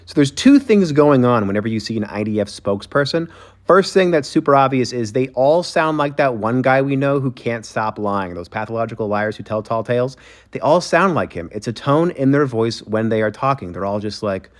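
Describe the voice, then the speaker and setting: Casting: male commentator, sarcastic and profane, mid-pitch, opinionated monologue. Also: big pitch swings, brisk. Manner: sarcastic, profane, mocking impressions.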